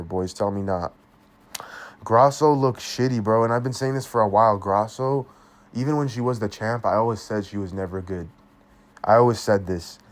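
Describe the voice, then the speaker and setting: A young man giving a casual, blunt fight review, swearing constantly and talking in loose slang. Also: mid-range voice. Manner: blunt, heavily profane, slangy. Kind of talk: casual commentary.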